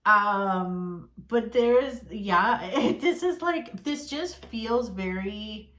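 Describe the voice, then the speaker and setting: Woman tarot reader, casual and blunt, exasperated tone, cursing, middle pitch, roomy echo. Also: lively intonation, takes it slowly, fairly bright tone. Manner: blunt, exasperated, swears freely. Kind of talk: casual tarot reading to camera.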